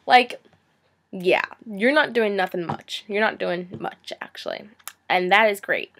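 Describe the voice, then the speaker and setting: A woman's voice: mid-range voice, unhurried, vocal fry, fairly bright tone. A teenage girl ranting in a vlog, sarcastic and exasperated, now and then slipping into mocking impressions. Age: teens. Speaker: vlogger.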